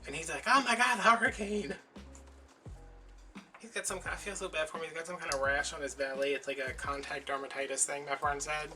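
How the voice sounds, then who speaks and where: A man's voice: on the high side, fairly even intonation, fast talker, hardly any pauses, sharp tone, faint music behind. A man chatting casually while he makes a craft, telling stories and acting out the voices of people in them. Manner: chatty storyteller, acts out quoted voices. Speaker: crafting vlogger.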